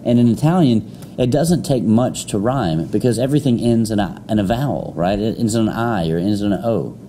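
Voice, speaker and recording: A man's voice: fairly low pitch, lively intonation, brisk, mellow, slight background noise. A young man teaching a classroom lecture, rambling with many fillers and restarts.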